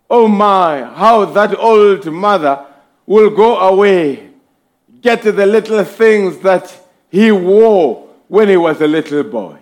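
Male preacher, sermon, high voice, unhurried delivery, emphatic swells, talks straight to the congregation. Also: animated. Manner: slow, emphatic preaching with rising and falling swells; addresses the congregation directly.

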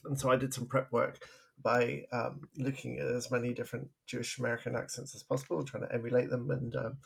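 Man, gravelly voice, co-host, chatty storyteller, laughs a lot. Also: mid-range voice, little pitch movement, fast. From England. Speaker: podcast co-host. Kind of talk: casual podcast chat.

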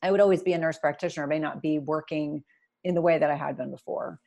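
A middle-aged woman, a nurse practitioner turned entrepreneur, telling her story in an interview in a candid, animated way with many restarts and asides. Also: sits low, fast, vocal fry.

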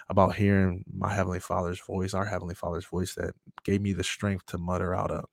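A man being interviewed, telling his story with animated energy and laughter. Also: sits low, fast talker, vocal fry, no echo, studio quality. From Michigan. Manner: animated storyteller, acts out voices, laughs often. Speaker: guest.

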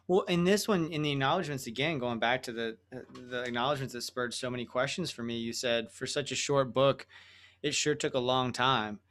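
A man's voice: medium pitch, brisk, a bit bright. Chatty male podcast host. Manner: engaged, chatty, swears casually. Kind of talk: casual interview talk.

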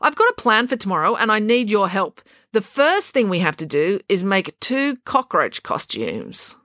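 A woman's voice: mid-range voice, big pitch swings, moderate pace, fairly bright tone, no echo, clean studio sound, voice pushed up. A woman voicing a self-absorbed, bossy young girl who talks bluntly and impatiently.

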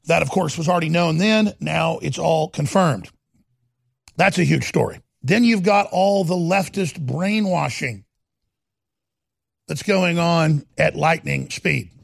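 Gravelly, high-voiced ranting radio host. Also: male voice, a little slow, no room sound, studio quality. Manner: heated, ranting delivery with sudden volume swings. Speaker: talk show host. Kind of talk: talk radio monologue.

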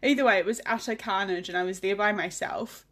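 A woman co-hosting a podcast in casual chat, telling lively stories with frequent laughter and swearing. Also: medium pitch, brisk. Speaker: podcast co-host.

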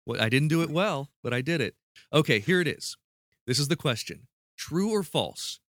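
A man's voice: a little high, lively intonation, fairly bright tone, no room sound, studio quality. Playful male podcast quiz host. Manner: playful, joking, quick to laugh. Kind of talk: casual podcast chat.

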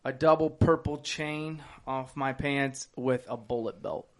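A man hosting a casual outdoor beer tasting, talking in a bossy, profane way with sudden loud outbursts. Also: medium pitch, steady tone, measured pace. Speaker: podcast host leading a beer tasting. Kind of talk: casual chat.

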